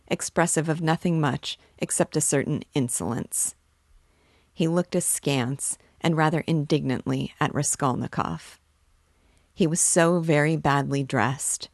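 A woman host reading a classic novel aloud in a measured, steady way. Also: sits low, no echo, studio quality.

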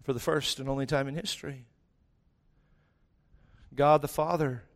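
A male pastor preaching a sermon with emphatic delivery, dramatic pauses and quiet, intense stretches. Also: medium pitch, fairly even intonation.

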